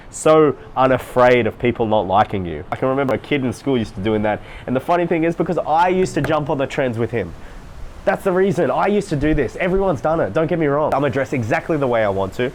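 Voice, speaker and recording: A man's voice: mid-range voice, darkish tone, a little hiss or hum. A man coaching his viewers in a casual, emphatic monologue, repeating phrases for stress. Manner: emphatic, repetitive, mimics voices to demonstrate. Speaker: social life coach. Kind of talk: solo talk to camera, coaching monologue.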